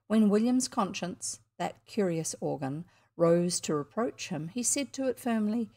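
A woman with a New Zealand accent reading a classic children's story aloud, expressive with the odd slip and restart. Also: mid-range voice, a little slow. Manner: expressive, occasional slips and restarts. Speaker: audiobook reader.

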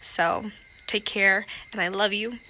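Bright-voiced earnest woman from Connecticut. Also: mid-range voice, steady tone, slow pace, slight background noise, low-quality recording. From Connecticut, USA. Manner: earnest, emotional, soft-spoken at times. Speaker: retreat guest. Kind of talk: heartfelt video message. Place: indoor yoga studio.

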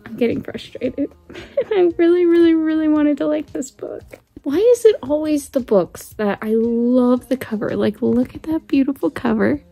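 Woman book vlogger, candid and chatty, laughs a lot, mellow tone, faint music underneath. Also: high voice, animated, a little slow. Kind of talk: casual chat to camera.

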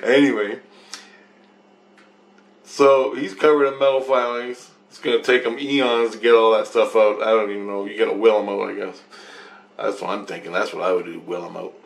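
A man's voice: on the low side, fairly even intonation, normal speed, creaky. A man telling a rambling spiritual story, swearing and chuckling often as he goes. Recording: echoey room with faint noise.

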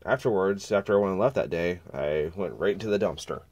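A man with a lowish voice and a slight nasal stuffiness from a cold talks casually through a chainsaw repair. He rambles, mutters to himself mid-task and speaks as if friends were watching over his shoulder at the bench. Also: a little fast, a little mellow, slight background noise. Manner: chatty, rambling, muttering while working. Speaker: small engine repair vlogger. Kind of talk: casual workshop narration.

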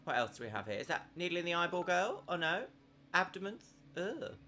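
A woman in her thirties talks casually while streaming a horror game from her home setup on a desk microphone. Her voice is bright and crisp, a little on the lower side, and it swings widely in pitch as she chats and giggles. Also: big pitch swings, fairly quick, slight background noise. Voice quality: chatty and giggly, with big swoops in pitch. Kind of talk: casual live-stream commentary.

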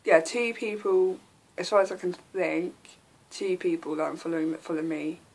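A woman in her early twenties with an English accent talks casually to camera. Her voice sits a little low, and she fills her sentences with ums and little giggles. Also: steady tone, moderate pace, darkish tone. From England. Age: 20s. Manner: chatty, giggly, lots of ums. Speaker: vlogger.

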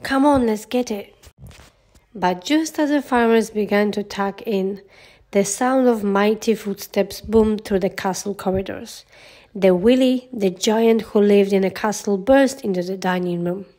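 A woman narrates a children's fairy tale in a gentle, steady storybook voice. Her pitch sits in the middle range for a woman. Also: unhurried. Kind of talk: children's storybook read-aloud.

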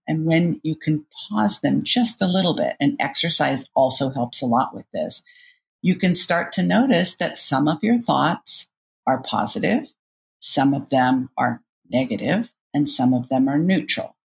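A middle-aged woman coach explaining ideas in a podcast interview, animated and acting out inner voices as she goes. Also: low-pitched, unhurried, vocal fry. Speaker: cognitive behavioral coach, guest.

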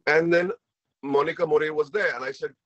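A man's voice: on the high side, steady tone, moderate pace, dry recording, highs cut off. A man with an Indian English accent telling a personal story as a guest speaker, earnest and emotional, often repeating himself.

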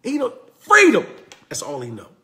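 Fiery storytelling man, bright and gravelly. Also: very high voice, huge pitch swings, moderate pace. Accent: Southern US. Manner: preachy storytelling, swinging from loud to hushed. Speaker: motivational speaker. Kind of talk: passionate motivational talk.

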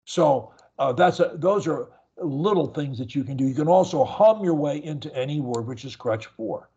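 An older male speech coach talks a client through techniques, drawing out and repeating words as demonstrations. His voice sits a little high and comes across husky. The video call audio sounds dull and lo-fi. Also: animated, moderate pace, dark tone. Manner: person who stutters. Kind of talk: one-on-one coaching session.

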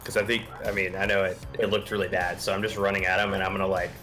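A man's voice: low voice, level tone, fast talker, bright, forceful tone, faint music behind. A man playing a tabletop game, thinking aloud hesitantly and laughing. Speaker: player.

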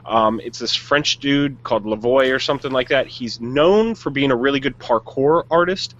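A man's voice: mid-range voice, moderate pace, dull audio. A man co-hosting a podcast, chatting casually and giving blunt, jokey opinions on movies. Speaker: podcast co-host. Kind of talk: casual chat.

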